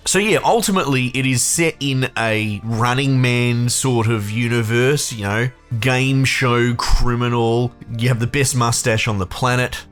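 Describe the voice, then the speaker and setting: Male game reviewer, mid-pitched, excitable and rambling, soft music underneath. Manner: chatty, enthusiastic, lots of fillers and restarts. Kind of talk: casual game review talk.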